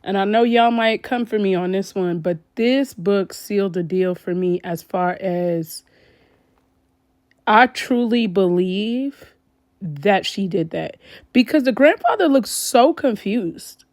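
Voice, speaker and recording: Animated woman vlogger, dry sound. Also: medium pitch, slow, dry recording. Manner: animated, exclaiming, talks straight to viewers. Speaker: commentary vlogger. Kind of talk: casual commentary to viewers.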